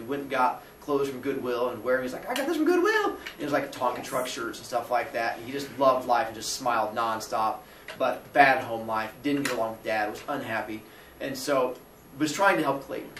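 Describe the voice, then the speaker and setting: A man, a teacher, telling a personal story on a casual podcast, acting out dialogue with big jumps in pitch and breaking into laughs. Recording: roomy sound from a distant mic with faint noise.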